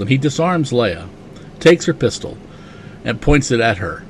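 A man's voice: medium pitch, animated, normal speed, a little hiss or hum. A man hosting a podcast, recapping a comic casually with enthusiasm, lots of "you know" and chuckles. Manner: enthusiastic, chuckling, many fillers.

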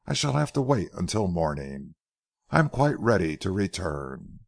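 A man reading as a steady police corporal in an old adventure story, speaking quietly and deliberately. The voice is low and gravelly, and the recording is close and dry. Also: no room sound, full character voice.

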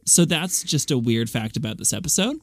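A young man co-hosting a podcast in a playful, chatty way with quick asides. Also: medium pitch, lively intonation, dry recording, studio quality. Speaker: podcast co-host. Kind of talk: casual chat.

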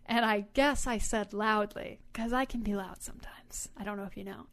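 A woman co-hosting a podcast, telling a story in a casual, animated and emphatic way. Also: mid-range voice, moderate pace. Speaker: podcast co-host. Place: lives in Houston area.

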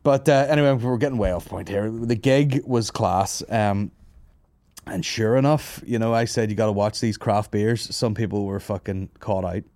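A man's voice: fairly low pitch, moderate pace, a little mellow, no room sound. A man hosting a comedy podcast, telling rambling, sweary stories and laughing at his own jokes. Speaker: podcast host. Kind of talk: casual comedy podcast banter.

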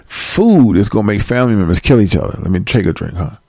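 A man preaching and reading scripture slowly and deliberately, breaking into mocking asides. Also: on the low side, animated, gravelly, mellow, dry recording.

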